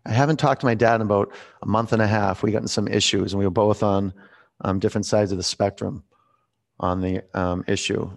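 A man in his forties leading a yoga class, calm and reflective as he tells a personal story between pose cues. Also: fairly low pitch, fairly quick, gravelly. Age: 40s. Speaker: yoga instructor.

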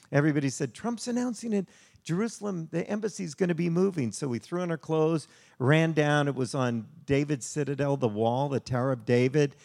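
A man preaching a sermon to a congregation, telling a story in an animated, conversational way. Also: medium pitch. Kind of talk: sermon with slide show.

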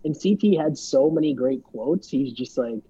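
A man's voice: mid-range voice, animated, moderate pace, warm tone, breathy edge. A man co-hosting a podcast, chatting casually about a reality show in a loose, filler-heavy way. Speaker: podcast co-host. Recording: dull lo-fi sound.

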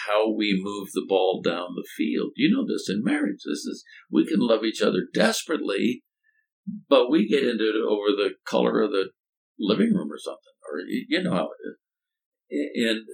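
A deep-voiced older man with a gravelly, creaky edge talks through ideas in a conversational, storytelling way. He often doubles back on his words and drops in homespun phrases. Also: poor audio. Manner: thoughtful, halting restarts, folksy turns of phrase. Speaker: former college president and speaker.

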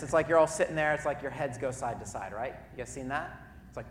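A man preaching a sermon to a congregation in a church auditorium, telling lively stories and turning to the crowd with asides. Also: on the high side, brisk. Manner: lively storytelling with audience asides, loud bursts when acting out cheering. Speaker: pastor. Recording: echoey hall.

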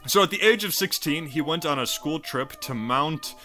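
A man's voice: a little high, animated, moderate pace, over music. An American man hosting a podcast, telling a story in casual chat, joking, swearing and laughing often. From United States. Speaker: podcast host.

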